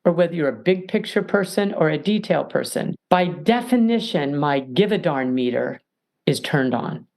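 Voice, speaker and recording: Animated, lively middle-aged woman mediator. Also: low voice, normal speed, gravelly. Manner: lively, emphatic, acts out little scenes. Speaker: mediator and podcast guest. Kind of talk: animated advice talk.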